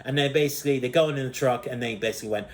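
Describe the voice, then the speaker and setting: A man chatting through a film review in a loose, rambling way, his voice sitting at an ordinary middle pitch. He leans on fillers and restarts and keeps breaking into giggling laughs as he recounts scenes. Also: rapid-fire. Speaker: movie reviewer. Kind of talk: casual spoken movie review.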